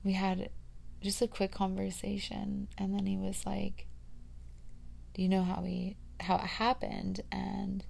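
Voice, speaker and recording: A woman in her thirties talks her way through a rambling, confiding podcast monologue, full of fillers. Her voice carries a gravelly vocal fry at a middling pitch. She drops to near-whispers and then swells loud again. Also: monotone, a little slow. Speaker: podcast host. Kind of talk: reflective personal monologue.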